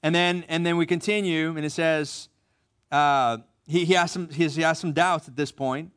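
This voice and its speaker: A man preaching a sermon as pastor, reading scripture slowly and softly, then speaking up for lively asides. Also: on the high side, smooth.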